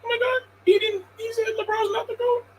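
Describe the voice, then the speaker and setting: A sobbing, whiny crybaby fan, as a man puts him on with a high, wailing voice that cracks with fake tears. The mockery is over the top and plainly exaggerated. A faint noise runs underneath. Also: flat delivery, a little fast, a bit bright, poor audio. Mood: mock crying.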